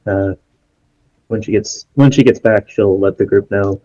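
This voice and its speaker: Mellow-voiced man, halting player. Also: lowish voice, no echo. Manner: hesitant, halting, many restarts. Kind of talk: playing a character in a tabletop game. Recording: dull lo-fi sound with faint music.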